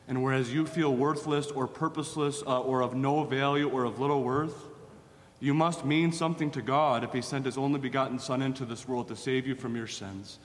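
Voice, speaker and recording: A man's voice: fairly even intonation, brisk. A man preaching a sermon, earnest and repeating phrases for emphasis. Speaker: pastor. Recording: hall reverb with faint rumble.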